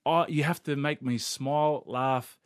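A man's voice: on the high side, fairly even intonation, a little slow, no room sound, studio quality. A man in his thirties co-hosting a sports chat show, upbeat and teasing. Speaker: podcast co-host. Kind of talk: casual chat.

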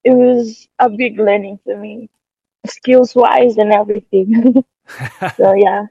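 A woman's voice: medium pitch, steady tone, slow pace, vocal fry, mellow, breathy edge, no echo. Young Fijian woman on a tinny phone line. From Fiji. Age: young adult. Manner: shy, hesitant, many ums. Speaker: rugby player guest. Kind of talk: interview answers.

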